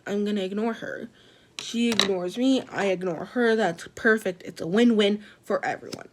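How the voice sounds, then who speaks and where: A teenage girl, a student, casually telling a story to the camera in an animated, dramatic way, with "I was like" all through it. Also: mid-range voice.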